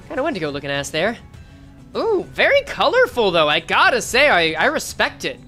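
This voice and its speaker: A woman streamer reading a game story aloud live, joking and reacting in an animated, casual way with occasional swearing. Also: low-pitched, normal speed, soft background music.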